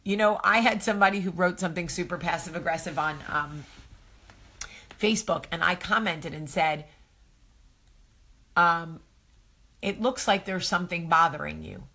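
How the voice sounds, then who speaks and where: Her voice is low-ish yet bright and forceful, moving at a moderate pace with long pauses. As host of a casual live-stream advice show, she addresses viewers directly, gushing and chatty while answering their comments.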